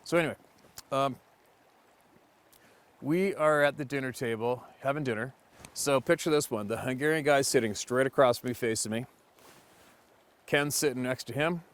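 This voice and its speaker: A man hosting a hunting channel who tells a story in a casual, animated way, with plenty of emphasis and cursing. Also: medium pitch, normal speed, long pauses.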